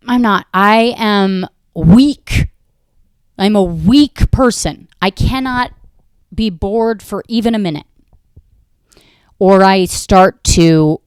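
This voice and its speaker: Casual American podcast host in her thirties, crisp voice, bone-dry sound, rambling and self-mocking with frequent profanity. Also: medium pitch, dry recording. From United States. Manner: talks to her dog mid-show. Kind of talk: casual solo monologue.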